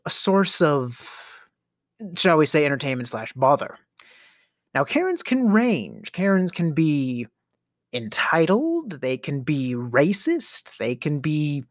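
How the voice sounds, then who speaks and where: A man's voice: on the high side, no room sound, clean studio sound. A middle-aged man hosting a podcast, telling a storytelling rant in a theatrical way, with sighs, stammers and sudden whispers. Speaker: podcast host.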